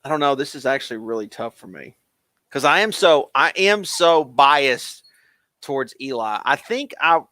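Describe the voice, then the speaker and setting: A man co-hosting a casual sports chat, rambling and excitable, with lots of fillers. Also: medium pitch, normal speed, no echo. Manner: rambling, excitable fan talk with many fillers. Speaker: podcast co-host.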